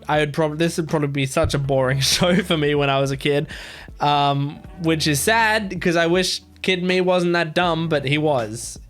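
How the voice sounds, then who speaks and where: A man hosting a reaction video, chatting casually with a rambling, excitable manner and lots of fillers. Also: a little high.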